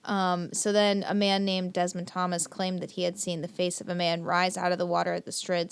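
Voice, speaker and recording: A woman's voice: lowish voice, monotone, fairly quick, gravelly, few pauses, clean tone. A young woman co-hosting a podcast, retelling a story in casual chat with lots of fillers and swearing. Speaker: podcast co-host.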